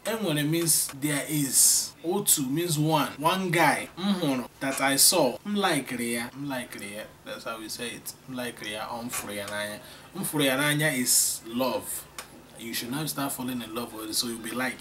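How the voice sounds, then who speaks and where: A man's voice: medium pitch, normal speed, a bit bright, far from the mic, slight background noise. A man teaching an online language lesson, drilling phrases by repetition with playful teasing asides. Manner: emphatic, repeats phrases for drilling.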